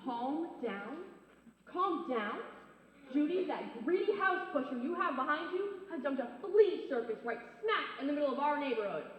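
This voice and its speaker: Woman acting as a high, swoopy, outraged neighbor lady bossing everyone around, church skit, echoey muffled hall. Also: expressive, moderate pace. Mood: indignant. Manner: shrill, theatrical, scolding. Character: bossy, dramatic middle-aged woman neighbor, easily outraged. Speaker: stage actor. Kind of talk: church stage comedy skit. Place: high school theater stage.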